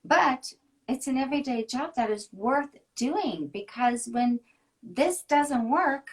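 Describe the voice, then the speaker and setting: A woman's voice: high voice, expressive, slow. Enthusiastic woman hosting a live interview. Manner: enthusiastic, affirming. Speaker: host. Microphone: live video call.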